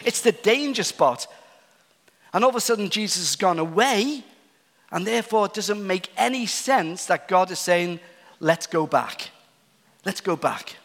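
A man preaching a sermon earnestly, moving between emphatic points and hushed, tender appeals, in a church hall. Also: high-pitched, normal speed. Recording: long reverb of a large hall.

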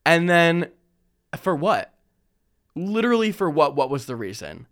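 A young adult man hosts a casual storytelling vlog at an unhurried pace. He is animated, laughs often, and quotes himself in higher voices.

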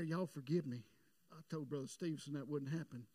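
A man's voice: fairly high pitch, fairly quick, mellow, dry recording. A man, telling a folksy story in a sermon that builds into fervent preaching.

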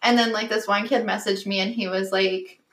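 A woman's voice: mid-range voice, fairly even intonation, moderate pace, fairly bright tone, roomy sound. A young woman in casual chat, telling stories full of "like" and acting out what others said. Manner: chatty storyteller, many "like" fillers, acts out quotes.

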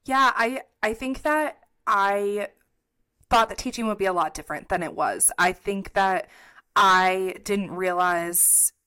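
A woman's voice: mid-range voice, unhurried, pushed and bright, smooth. A young woman co-hosting a podcast, casual and supportive, speaking reflectively about her experience. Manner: supportive, reflective, many "mm-hmm"s. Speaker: podcast co-host. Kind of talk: casual chat.

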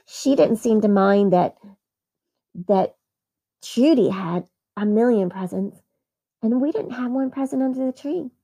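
A woman narrating a first-person Christmas story in an earnest, animated way. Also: a little high, takes it slowly, creaky, pauses often. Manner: earnest, animated, with small laughs.

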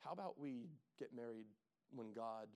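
A man in his thirties preaching a casual, joking sermon that rises into loud, emphatic calls to the congregation. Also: medium pitch, animated, normal speed. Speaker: pastor.

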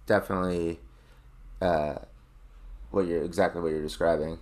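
A man's voice: sits low, steady tone, normal speed, a little mellow. A man chatting casually on a podcast, rambling with constant "like" fillers and plenty of swearing. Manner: rambling, lots of filler "like", profane. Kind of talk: casual chat.

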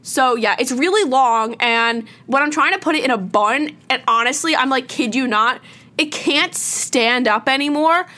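A woman's voice: high-pitched, moderate pace, bright, forceful tone. A teenage girl ranting casually to camera, dramatic and exasperated, full of "like" and "you know", with some crackly noise. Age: teens. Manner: dramatic, exasperated, filler-heavy valley-girl talk. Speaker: vlogger.

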